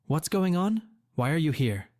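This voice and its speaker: A man's voice: on the high side, big pitch swings, moderate pace, a little mellow, dry recording, pitched above the performer's own voice. A man voicing a bitter middle-aged woman who is cold and defensive, asking curt, cutting questions in a dry, close read. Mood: cold, sharp.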